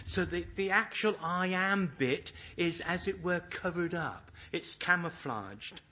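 A man's voice: sits high, a little slow, sharp tone. A man preaching a sermon in an earnest way, leaning hard on the scripture lines he quotes. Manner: earnest, emphatic when quoting scripture. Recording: dull lo-fi recording.

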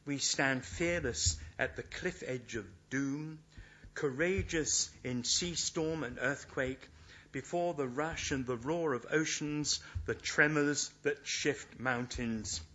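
A man's voice: mid-range voice, slow pace, sharp tone. A man preaching a sermon in an earnest way, leaning hard on the scripture lines he quotes. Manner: earnest, emphatic when quoting scripture. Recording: dull lo-fi recording.

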